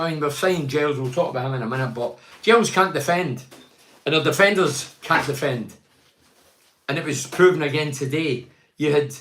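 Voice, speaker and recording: A man's voice: on the high side, a bit bright, roomy sound. An older Scottish man reviewing a football match on a live stream, frustrated and rambling, with stammers and restarts. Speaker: football pundit.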